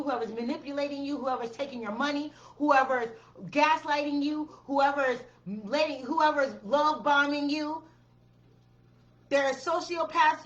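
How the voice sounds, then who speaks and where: A woman's voice: high voice, highs cut off. A woman giving a blunt, profane tarot reading, repeating her commands with emphasis. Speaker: tarot reader.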